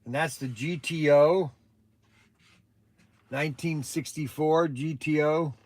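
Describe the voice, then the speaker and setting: A man chats his way through a casual livestream, rambling and often restarting his sentences. His voice sits a little on the high side for a man. The sound is dry, with no room echo. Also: fairly even intonation, takes it slowly. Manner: chatty and rambling, with many restarts. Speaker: livestream host.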